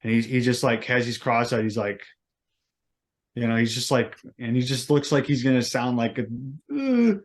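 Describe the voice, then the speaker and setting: A man's voice: medium pitch, normal speed. Rambling, hesitant podcast co-host man. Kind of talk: casual chat.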